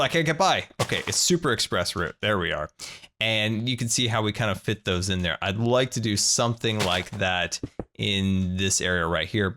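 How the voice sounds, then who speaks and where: Lively man narrating his gameplay. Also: lowish voice. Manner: animated, playful, narrates his own moves. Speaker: let's play host. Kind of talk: gameplay commentary.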